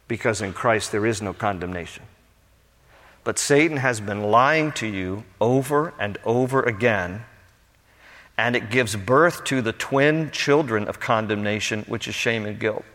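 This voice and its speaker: A male pastor preaching a sermon to his congregation, swinging between impassioned build-ups and hushed, pastoral passages. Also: medium pitch. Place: church sanctuary with a congregation. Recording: long church hall reverb.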